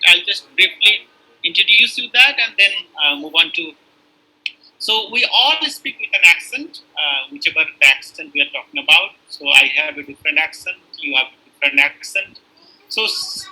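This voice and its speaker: A man's voice: high voice, pushed and bright, rough recording. A middle-aged man giving an online lecture, explaining step by step with many fillers and restarts.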